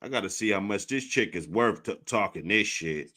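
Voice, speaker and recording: A man hosting a reaction commentary, crude, profane and animated. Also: lowish voice, moderate pace. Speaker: host.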